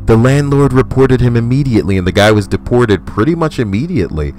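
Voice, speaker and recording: A man's voice: medium pitch, animated, fast, a little mellow, slight background noise. A young man hosting a comedy show, giving profane, emphatic, ranting commentary on the stories he reads. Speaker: host reading stories.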